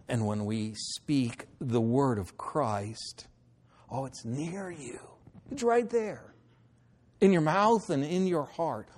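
A middle-aged man preaching a sermon, moving between loud declarations and hushed, pleading lines. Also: mid-range voice. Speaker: pastor.

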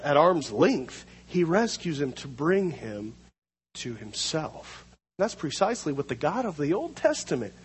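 A man preaching a sermon, teaching through a Bible passage, slowing down to read scripture aloud. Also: a little high, husky, in a large hall.

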